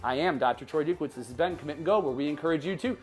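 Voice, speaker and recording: A man's voice: on the high side, rapid-fire, soft background music. A man hosting his own motivational podcast, talking with punchy energy and firing off repeated rhetorical questions. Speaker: podcast host and life coach.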